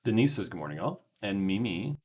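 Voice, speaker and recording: A man's voice: lowish voice, big pitch swings, brisk, a little mellow, breathy edge. An American man co-hosting a casual live stream, matter-of-fact as he reads out viewer comments. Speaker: co-host of a company live stream.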